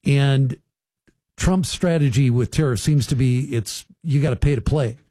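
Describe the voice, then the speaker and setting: A man's voice: mid-range voice, a little slow, dark tone, no echo. A man hosting a radio talk show, chatting casually with listeners and riffing on the news with folksy asides. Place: radio studio.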